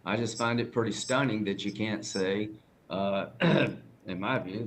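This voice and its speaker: A man's voice: on the low side, steady tone, unhurried, fairly bright tone, a little hiss or hum. A man questioning a witness at a formal hearing, asking pointed, pressing questions.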